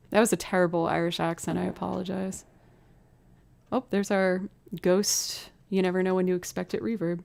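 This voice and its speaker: A woman's voice: lowish voice, level tone, normal speed, creaky, a little mellow. A young woman musician chatting casually on a livestream, thinking aloud and poking fun at herself while she has bronchitis.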